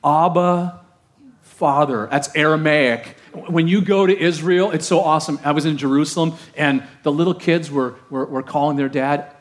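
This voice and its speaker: A male pastor preaching a conversational, animated sermon, often asking the congregation questions. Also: a little high, normal speed.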